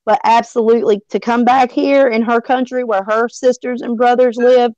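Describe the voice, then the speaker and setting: A woman's voice: on the high side, flat delivery, moderate pace, darkish tone, no echo, lo-fi sound. A middle-aged woman with a Southern American accent, talking emotionally and cussing freely as a guest on an online panel. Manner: chatty, emotional, swears freely. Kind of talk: casual chat.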